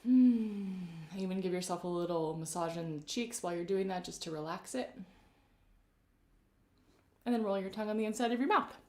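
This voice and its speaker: A woman vocal coach leading a live-streamed warm-up, speaking gently and encouragingly and greeting viewers by name. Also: lowish voice, brisk, pauses often. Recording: roomy echoey live-stream audio.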